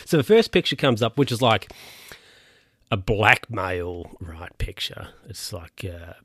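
Bloke rambling through a film recap, low voice, dry close sound, lots of ums. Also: male voice, expressive, slow pace, long pauses, fairly bright tone, slightly rough, no echo. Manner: rambling, lots of fillers and self-corrections.

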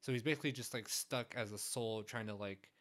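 A man chatting casually about a film, relaxed and agreeable, thinking aloud as he goes. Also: lowish voice, a little fast.

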